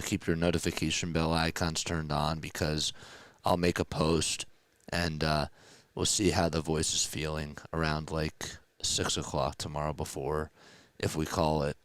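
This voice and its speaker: A man with a hoarse, strained voice calling a football game live as a fan play-by-play caster, rising to excited shouts before a casual sign-off. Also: rumbling low, dry recording. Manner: excited calls that rise to shouts.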